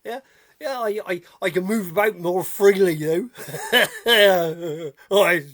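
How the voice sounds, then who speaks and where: A man's voice: high voice, slow pace, a bit bright. A man playing a chatty, giggly old countryman with rheumatism, rambling folksy gossip and repeating himself in a comic character video. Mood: gossipy.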